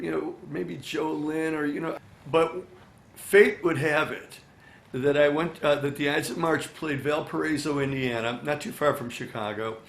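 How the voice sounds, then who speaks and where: An older man, a songwriter and musician, chatting in an interview from his recording studio, animated and full of "you know" fillers, acting out bits of dialogue as he tells stories. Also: a little high, creaky, roomy sound. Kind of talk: casual interview storytelling.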